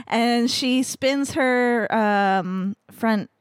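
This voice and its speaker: A woman's voice: fairly high pitch, takes it slowly, few pauses, dry recording, studio quality. Chatty upbeat woman playing a tabletop game. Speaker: player. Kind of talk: casual tabletop game play.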